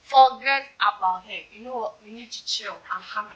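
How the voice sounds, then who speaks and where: A woman's voice: a little high, normal speed, a bit bright, husky, dull audio. A Ghanaian woman playing a young woman who coaxes and soothes a heartbroken male friend. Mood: coaxing. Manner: coaxing, soothing.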